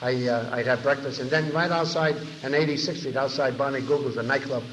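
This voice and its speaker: A fast-talking man from New York, mid-range in voice, tells stories to a large audience at a recovery meeting in a big convention hall, animatedly acting out other people's lines. It comes from a dull 1990 tape with long echo and slight background noise.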